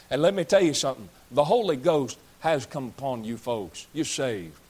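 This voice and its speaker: A man's voice: medium pitch, animated, moderate pace, a little mellow, slightly rough. A man, preaching a blunt, folksy sermon as pastor, scolding and joking with his congregation. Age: 30s. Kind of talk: fiery sermon.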